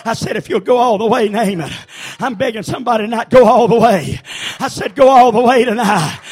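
A man preaching a sermon as pastor, swinging between shouted refrains and quieter storytelling. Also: very high voice, brisk, breathy edge. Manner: shouting, chanting preacher with sudden hushed storytelling.

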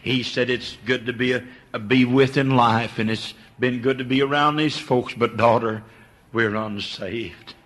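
This is an older man preaching a sermon in a bright, forceful voice. He drops to a near hush, then climbs to high, impassioned cries. He repeats himself and stumbles over restarts as he goes. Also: steady tone, measured pace. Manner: repeats words and stammers on restarts.

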